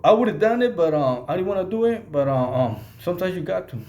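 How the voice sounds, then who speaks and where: A man who was in prison telling his own story in a halting way, with many restarts and Spanish slang. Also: high-pitched, lively intonation, a little mellow, roomy sound. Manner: mixes in Spanish slang words. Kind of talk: casual storytelling to camera.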